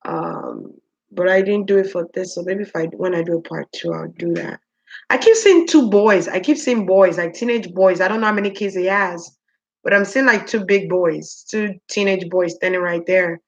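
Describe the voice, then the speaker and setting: A woman giving a spiritual reading to her viewers, musing aloud with many pauses, ums and repeated words. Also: fairly low pitch, highs cut off. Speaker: spiritual reader. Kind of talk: psychic reading monologue.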